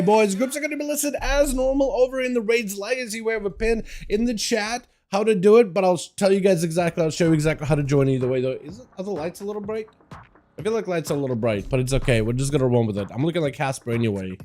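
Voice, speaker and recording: A man's voice: high voice, fast talker, darkish tone, soft background music. A young man hosting a casual gaming livestream, rambling in slangy talk and greeting chat by name while sounding tired. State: tired, no coffee. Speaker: livestream host. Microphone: desk mic in front of green screen.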